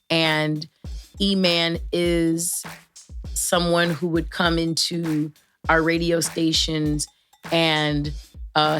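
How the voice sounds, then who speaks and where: Chatty, playful woman hosting with a lowish voice. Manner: playful, chatty, rambling with fillers and shout-outs. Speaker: podcast host. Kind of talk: casual solo chat to listeners.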